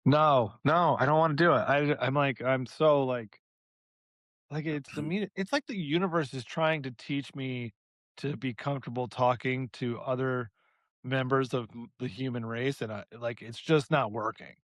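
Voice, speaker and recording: A man's voice: mid-range voice, steady tone, normal speed, fairly bright tone, no echo. A young man co-hosting a podcast, telling a rambling story in casual chat and laughing often. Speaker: podcast co-host.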